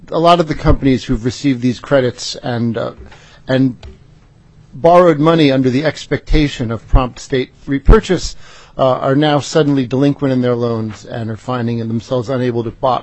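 A man giving formal testimony to a legislative committee, presenting a bill in a halting way with frequent "uh" fillers and restarts. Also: medium pitch, darkish tone. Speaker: state agency official presenting a bill.

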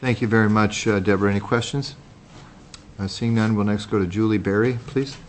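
A man chairs a hearing and calls witnesses in brief, procedural lines. His voice sits a little low. Faint noise hangs behind it. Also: steady tone, fairly quick. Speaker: committee chairman.

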